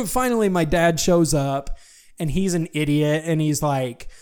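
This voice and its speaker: Animated young man telling a story. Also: on the high side, slow pace, clean tone. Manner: animated storytelling with lots of fillers. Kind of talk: casual chat.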